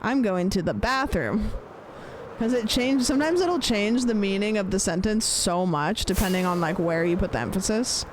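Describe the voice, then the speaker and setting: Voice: mid-range voice, a little fast, hardly any pauses, noisy background. A streamer chatting casually while gaming, rambling and swearing, playfully repeating phrases with different stress.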